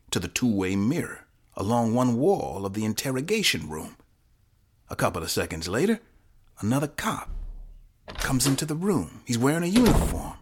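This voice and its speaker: A man narrating a flash fiction podcast story in the second person, dramatic and hushed at times. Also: fairly low pitch, big pitch swings, moderate pace, slightly rough.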